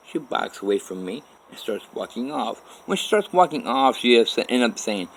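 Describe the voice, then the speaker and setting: A man's voice: lowish voice, sing-song, normal speed, hardly any pauses, low-quality recording. A man telling a personal story in a rambling, profane way, full of restarts. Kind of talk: personal story told to camera.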